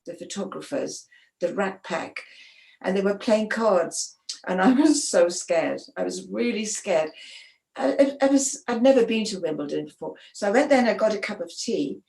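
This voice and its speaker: A woman, a sports photographer, telling stories in a conversational interview, animated and often restarting her sentences. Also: mid-range voice, normal speed, gravelly. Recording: roomy echo.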